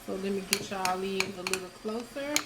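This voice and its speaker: Talking briskly, a chatty US cooking vlogger guides her viewers, her "y'all," through a homemade meal. Her pitch sits in the middle range, while echo fills the kitchen and constant background noise runs underneath.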